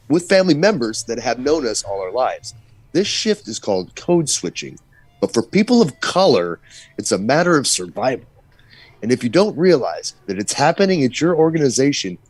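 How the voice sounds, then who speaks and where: A man co-hosting a stream, reading an article aloud in a plain, steady way. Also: mid-range voice, slightly rough, no room sound.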